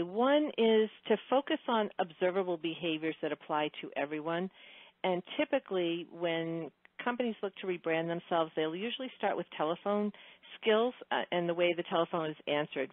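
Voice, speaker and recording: A woman guest speaker telling lively stories in a phone interview, acting out quotes. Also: on the low side, a little fast, dry recording. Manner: animated storyteller, acts out quotes. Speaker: guest speaker, customer-service trainer. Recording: tinny phone line, dry.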